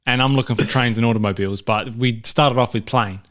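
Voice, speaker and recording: A man's voice: mid-range voice, fairly even intonation, brisk, a bit bright. A man co-hosting a podcast, talking movies in a casual, emphatic way and repeating phrases for punch. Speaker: podcast co-host. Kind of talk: casual movie review chat.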